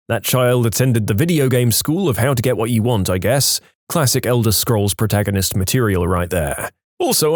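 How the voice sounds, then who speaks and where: A man reading online stories aloud as narrator, with expressive delivery and jokey asides between them. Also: medium pitch, dry recording, clean studio sound. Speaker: story narrator.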